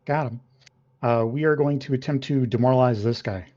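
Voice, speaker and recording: A man's voice: medium pitch, fairly quick, darkish tone. A man playing a tabletop game over a call, joking, swearing and laughing often. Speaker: player. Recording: muffled online call audio.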